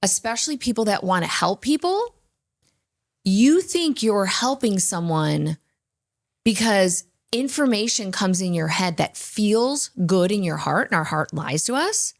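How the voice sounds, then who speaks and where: A woman's voice: mid-range voice, lively intonation, a little slow, gravelly. A woman co-hosting a faith podcast, telling personal stories in an earnest, emphatic way. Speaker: podcast co-host. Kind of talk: candid faith talk.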